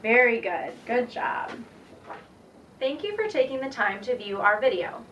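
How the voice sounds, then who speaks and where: A young woman teacher demonstrating a reading lesson, patient and encouraging, speaking slowly and clearly. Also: fairly high pitch, expressive, a bit bright, muffled recording. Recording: distant mic with faint background noise.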